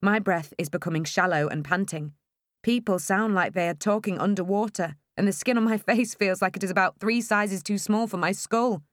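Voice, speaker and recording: A woman narrating a first-person audiobook in a wry, expressive storytelling manner. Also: mid-range voice, normal speed, dry recording, studio quality.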